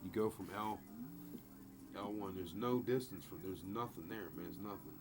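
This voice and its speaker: A man streaming live about craps dice throws, rambling and excitable, swearing freely as he talks. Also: fairly low pitch, moderate pace, background noise. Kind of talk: casual live-stream talk. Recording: music playing behind.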